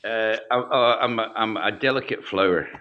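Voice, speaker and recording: A man's voice: fairly low pitch, moderate pace, dull audio. A Scottish man chatting on a video call as a guest, hesitant with many ums and restarts. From Scotland. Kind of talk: casual video call chat.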